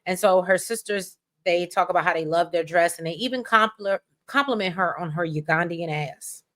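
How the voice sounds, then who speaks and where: Bright, animated American woman recapping. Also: on the low side, moderate pace. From United States. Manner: animated, rambling, expressive storytelling. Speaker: podcast co-host. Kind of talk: casual recap chat.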